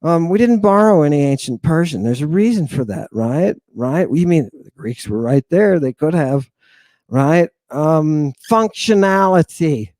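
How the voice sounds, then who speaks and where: Male teacher, a bit higher than usual, playful and theatrical, drills words by repeating them, dry close sound. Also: expressive, measured pace, a little mellow, no room sound. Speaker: language teacher. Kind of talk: informal online lesson.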